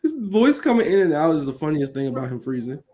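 A man's voice: on the high side, very animated, quick pace, dark tone, slight background noise. A man in casual sports chat, blunt and profane.

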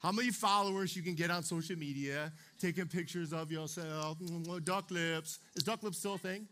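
A man's voice: fairly high pitch, brisk, sharp tone. A young man preaching a youth sermon in a chatty way, checking in with "okay?" and "right?" as he talks. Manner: chatty, keeps asking the room "okay?" and "right?". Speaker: youth pastor.

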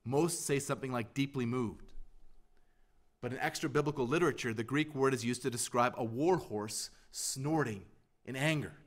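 A man preaching a sermon as pastor, emphatic, pressing repeated questions and swinging from loud to hushed. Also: mid-range voice, normal speed.

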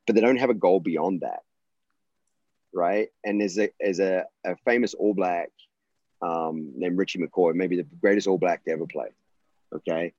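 A man's voice: deep voice, normal speed, darkish tone, no room sound, lo-fi sound. A college volleyball coach, a man, telling stories earnestly and passionately, often restarting his sentences. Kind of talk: conversational interview storytelling.

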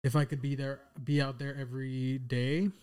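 A young man in his twenties talks through things as a podcast guest, rambling loosely and peppering his talk with "like" and the occasional curse. His voice sits at an average pitch. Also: level tone, moderate pace, a little mellow, clean tone. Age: 20s. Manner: rambling, casual, swears, lots of "like". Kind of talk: casual chat.

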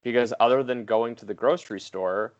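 A man's voice: mid-range voice, fairly quick, muffled recording. A man co-hosting a podcast, explaining earnestly in casual chat, with some hesitant fillers. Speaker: podcast co-host.

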